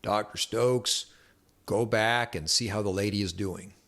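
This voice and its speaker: A man voicing a calm veteran male doctor who speaks in a slow, drawn-out Southern drawl. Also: on the low side. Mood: matter-of-fact. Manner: slow, drawn-out, deliberate speech.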